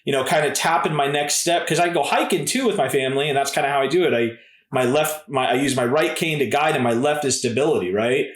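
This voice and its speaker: A relaxed man in his thirties chats easily as a podcast guest, with a voice sitting in an ordinary middle pitch. He keeps slipping in "dude" and "man". The room around him rings with plenty of echo. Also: fast. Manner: laid-back, says "dude" and "man" often. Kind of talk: casual storytelling.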